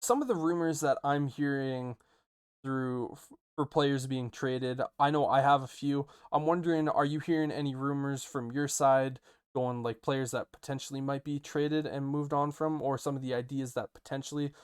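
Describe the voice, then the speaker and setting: A man co-hosting a casual sports podcast, animated and quick to ask questions. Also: mid-range voice, clear, resonant tone, dry recording, studio quality. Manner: animated, self-interrupting, asks questions. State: hiccuping. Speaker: podcast co-host.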